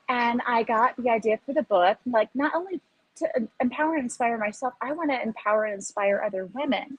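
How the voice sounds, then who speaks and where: Lively woman in her fifties on a video call. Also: a little high, a little fast, poor audio. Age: 50s. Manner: animated, upbeat, laughs often. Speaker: guest. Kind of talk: casual interview talk.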